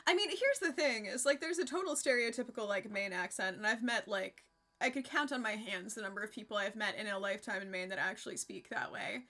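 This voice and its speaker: A woman's voice: mid-range voice, a little fast, sharp tone. A woman live streamer chatting casually with her viewers, rambling, laughing often and swearing freely.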